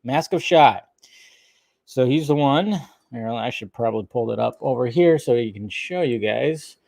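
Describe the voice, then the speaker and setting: A man's voice: medium pitch, lively intonation, normal speed, vocal fry, a little mellow, no room sound. A man hosting a casual live stream, loosely chatting, swearing and greeting viewers by name.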